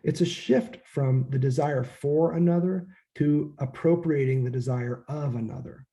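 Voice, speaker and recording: Man lecturing casually, very dark mellow tone, relaxed and conversational, drops the odd curse word. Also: fairly high pitch, moderate pace. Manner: casual, conversational, acts out quoted voices, occasional profanity. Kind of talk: informal lecture.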